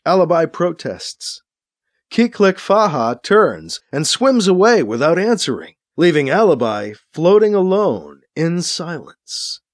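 A man narrating a science-fiction radio drama with a clear storytelling delivery. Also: on the high side, big pitch swings, slow, dry recording, clean studio sound.

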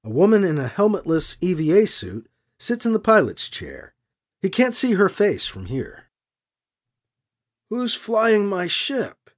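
A man reading a science fiction story aloud as narrator, expressive and animated. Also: sits high, normal speed. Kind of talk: audiobook narration.

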